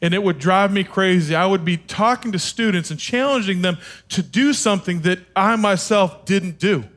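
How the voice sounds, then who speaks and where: High-voiced man telling sermon stories. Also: normal speed. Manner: animated, self-deprecating, humorous. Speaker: speaker. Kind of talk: sermon with personal storytelling. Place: stage.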